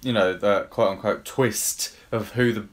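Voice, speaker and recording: A man's voice: fairly low pitch, steady tone, a little slow. A man co-hosting a podcast, chatting casually about a film and giving blunt, dismissive verdicts. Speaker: podcast co-host. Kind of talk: casual film review chat.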